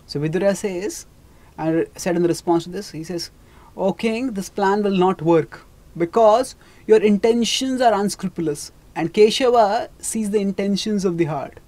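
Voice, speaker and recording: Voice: mid-range voice, a little mellow. A spiritual teacher retelling a scripture story in a sermon, often stumbling over names and restarting phrases. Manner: halting, with many restarts and asides.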